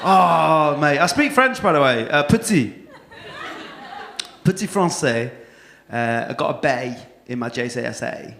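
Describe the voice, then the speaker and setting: A male compere works the crowd at a comedy club with brash, sweary teasing. His voice sits high and bounces all over the place. The room around him rings with echo from the stage mic. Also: expressive, unhurried, vocal fry, long pauses, noisy background. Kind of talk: crowd work at a stand-up gig.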